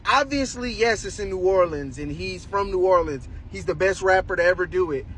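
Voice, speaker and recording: A man's voice: high voice, fairly quick, a bit bright, a little hiss or hum, poor audio. A man in a casual opinion video, making his point in an emphatic, lecturing way.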